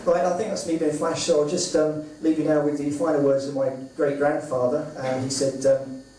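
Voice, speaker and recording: A man doing stand-up one-liners on a comedy club stage, pausing often with ums and uhs. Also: a little high, flat delivery. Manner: halting, with many ums and uhs. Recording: echoey club from far off, noisy. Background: audience laughter.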